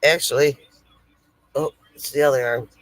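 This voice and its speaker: This woman has a bass voice with a steady tone and normal speed as she chats casually on a live stream, reading viewers' comments aloud and laughing at her own jokes. She's at a home setup near a lake, and the recording is low quality but echo-free.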